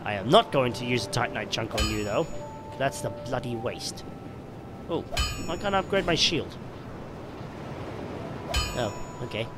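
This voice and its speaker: British male gameplay commentator, sarcastic and self-talking, very animated pitch, heavy background noise. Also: measured pace, long pauses. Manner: chatty, sarcastic, talks to himself and the game.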